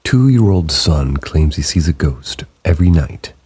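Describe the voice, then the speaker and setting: A man narrating submitted true ghost stories in a slow, hushed late-night storytelling manner. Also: big pitch swings. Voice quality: very deep gravelly voice. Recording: rain sounds behind the voice.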